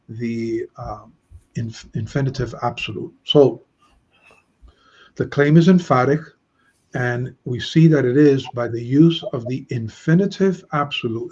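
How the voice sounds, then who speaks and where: Bible teacher, male, mid pitch, slightly raspy, careful explainer, muffled stream sound. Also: darkish tone. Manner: explains Hebrew grammar slowly, stressing key words. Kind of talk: Bible study lesson.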